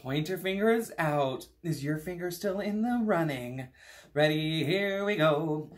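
A man's voice: on the high side, animated, a little slow. A man teaching a playful, theatrical music lesson to young children. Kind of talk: scripted kids' music lesson.

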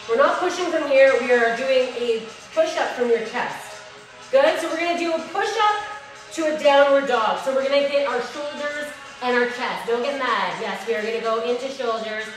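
A woman instructor leading a live workout class, upbeat and encouraging, counting reps and a little out of breath. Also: sits high. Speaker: fitness instructor. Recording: echoey room, mic at a distance, music behind.

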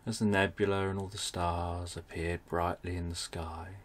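A man narrating a bedtime story for adults, speaking in a soft, soothing way. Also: deep voice, flat delivery, normal speed.

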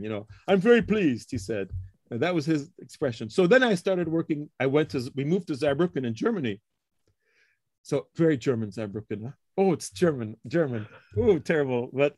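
A fairly high-pitched middle-aged man tells the story of his field in a casual interview. He talks in short, chatty bursts, tags his points with "okay?", and slips into quoted voices of colleagues. The sound is dry and close, with no room echo. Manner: explains with frequent tag questions like okay and huh. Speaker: computer science professor, guest.

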